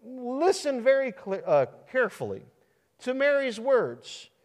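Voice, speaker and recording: Animated preaching man, church reverb. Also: extremely high pitch, measured pace. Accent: American Midwest. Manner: animated preaching with repeated restarts and rhetorical questions. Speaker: pastor. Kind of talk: sermon. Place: church sanctuary. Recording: long reverb of a large church hall.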